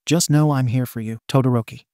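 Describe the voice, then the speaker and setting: A man's voice: mid-range voice, fairly even intonation, fairly quick, darkish tone, no room sound, clean studio sound, lightly acted. A man voicing an anxious, caring teenage boy in a story reading, hesitant in manner. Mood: worried.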